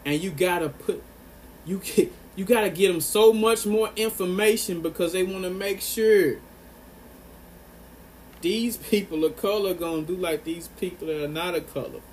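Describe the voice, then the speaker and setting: A man speaking straight to his audience in an earnest, impassioned monologue, his voice sitting a touch higher than most men's. He hammers home each point and circles back to key phrases for weight, with a faint hum of room ambience behind him. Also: normal speed, a little mellow. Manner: earnest and emphatic, repeats phrases for stress. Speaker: vlogger.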